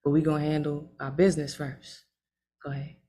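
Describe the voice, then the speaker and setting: A woman's voice: low-pitched, flat delivery, brisk, warm tone. A woman hosting an online open mic over a video call, talking in emphatic, streetwise banter with lots of tag questions.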